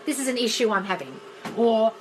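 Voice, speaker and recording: An Australian woman with a fairly high, lively voice hosts a casual live-stream Q&A as a manifestation coach, reading viewer comments aloud at a brisk clip. She's blunt, swears freely, and calls her viewers darling. The audio comes from a phone on the stream, with a noisy background.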